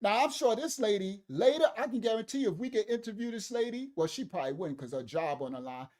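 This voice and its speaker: A speaker giving casual livestream commentary on video clips, animated, laughing often and talking back to the chat. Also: medium pitch, fast.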